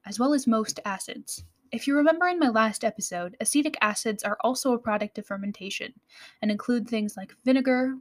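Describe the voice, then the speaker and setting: An American woman hosting a podcast, explaining baking in a friendly way with small laughs and self-corrections. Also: fairly high pitch. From United States. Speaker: podcast host. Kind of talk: scripted podcast narration.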